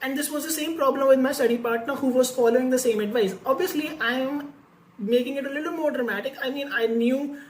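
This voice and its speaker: A woman's voice: sits high, a little fast, reverberant, a little hiss or hum, rough recording. A woman vlogger telling a candid personal story about learning French, talking casually with many fillers and restarts.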